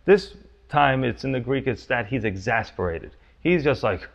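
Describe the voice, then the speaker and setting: A man's voice: medium pitch, expressive, moderate pace, gravelly, lo-fi sound. A man preaching a sermon, teaching verse by verse with emphatic, urgent questions. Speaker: pastor.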